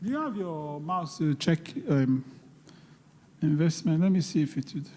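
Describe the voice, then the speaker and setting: A man's voice: a little high, a little slow, a little mellow, slight background noise. A man giving a live seminar talk on investing, emphatic and pleading, repeating key words. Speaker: guest speaker on investing. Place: church hall, live audience. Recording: long reverb of a large hall.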